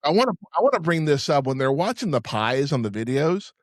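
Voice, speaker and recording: A man's voice: fairly high pitch, sing-song, a little fast, dry recording, studio quality. A man co-hosting a casual movie podcast, retelling film scenes with swearing and acting out the lines. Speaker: podcast co-host.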